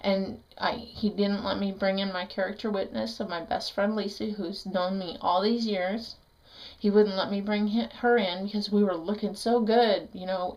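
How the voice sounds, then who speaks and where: A middle-aged woman talks straight to the camera about something painful. Her speech is halting and raw, full of restarts and sudden bursts of bitterness. Her pitch sits in a plain middle range. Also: a little mellow, lo-fi sound. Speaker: vlogger. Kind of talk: emotional personal story vlog.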